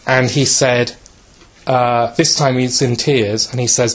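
A man gives a reflective spiritual talk, telling a story slowly and gently with many fillers, often asking "yeah?" and changing his pitch to voice its characters. His intonation is fairly even.

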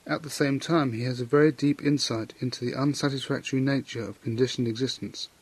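A man at a middle pitch gives a Buddhist teaching and retells an old legend, pausing to comment on its lesson. His voice sits close and dry, with no room sound around it. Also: steady tone, slightly rough, no echo. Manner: measured storytelling with moral comment. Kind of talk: Dharma talk retelling a legend.

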